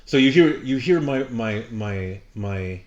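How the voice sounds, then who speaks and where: A man co-hosting a podcast, telling an animated story in casual chat and trailing off and restarting as he goes. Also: mid-range voice, slow pace, dull audio. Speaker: podcast co-host. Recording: roomy echo.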